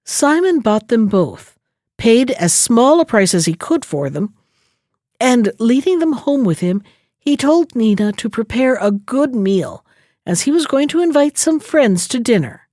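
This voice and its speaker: A woman narrating a fairy tale in an expressive read-aloud style. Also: a little high, measured pace, no echo, clean studio sound. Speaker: storyteller. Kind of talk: storybook narration.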